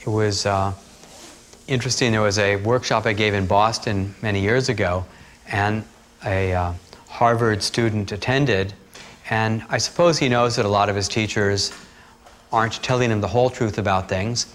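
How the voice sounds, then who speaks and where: A man teaching breathing techniques, talking calmly and steadily through guided instructions. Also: fairly low pitch, normal speed, slight background noise. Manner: calm, steady instructional talk with asides.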